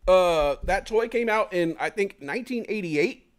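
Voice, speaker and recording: A man hosting a live stream in casual chat, rambling and animated, swearing freely. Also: high voice, a little slow. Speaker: host.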